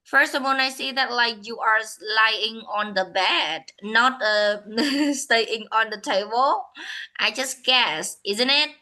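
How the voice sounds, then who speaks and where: A woman with a Vietnamese accent tutoring English in an online one-on-one lesson, speaking slowly, repeating herself and correcting her own words. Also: a little high, pushed and bright, rough recording.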